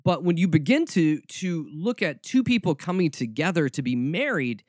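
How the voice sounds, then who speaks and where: A man's voice: a little high, big pitch swings, normal speed, a little mellow, dry recording. A man hosting a podcast, talking in a snarky, rambling monologue with frequent restarts, close to the mic. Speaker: podcast host. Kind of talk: casual monologue.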